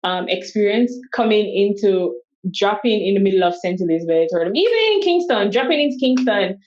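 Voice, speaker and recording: A woman's voice: medium pitch, brisk, highs cut off. A woman, a guest in a casual interview, telling stories with energy and acting out what people said to her. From Jamaica. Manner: animated storyteller who acts out quoted speech. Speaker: guest, solo travel coach.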